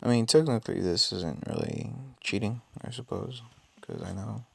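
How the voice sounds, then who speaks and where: Raspy man, just out of bed, deep gravelly voice, dry close sound; casual game commentary, muttered calculations. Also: wildly swooping pitch, moderate pace, darkish tone, no room sound. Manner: thinks aloud with many ums and self-corrections. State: just woke up. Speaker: mobile game player.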